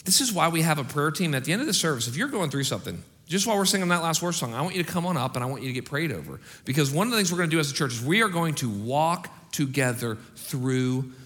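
A middle-aged male pastor preaching and giving church announcements, animated, swinging from loud rallying calls to quiet asides. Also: a little high, quick pace, hardly any pauses. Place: large church auditorium. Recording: hall reverb in a large auditorium.

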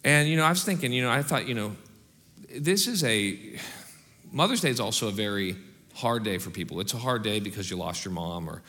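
A middle-aged male pastor preaching and giving church announcements, animated, swinging from loud rallying calls to quiet asides. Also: fairly low pitch, a little fast. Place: large church auditorium. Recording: hall reverb in a large auditorium.

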